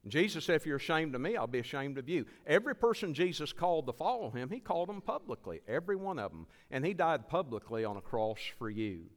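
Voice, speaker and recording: A man's voice: a little high, big pitch swings, fast, hardly any pauses. A man preaching as a visiting evangelist, giving an earnest altar call and repeating his pleas. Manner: earnest, pleading, repeats phrases. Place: church sanctuary. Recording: long church hall reverb.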